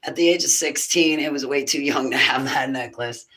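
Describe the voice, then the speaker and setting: A woman's voice: extremely low pitch, moderate pace, a bit bright, low-quality recording. A woman in her fifties talking in a loose, rambling monologue about faith, breaking into laughter and emphatic preaching. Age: 50s. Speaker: speaker on spiritual warfare. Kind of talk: casual monologue.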